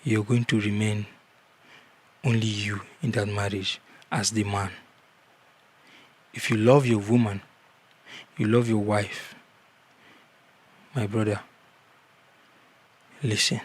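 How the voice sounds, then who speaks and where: A man's voice: fairly low pitch, flat delivery, slow, pauses often, slightly rough. A man giving earnest marriage advice in a casual vlog, repeating key words for emphasis.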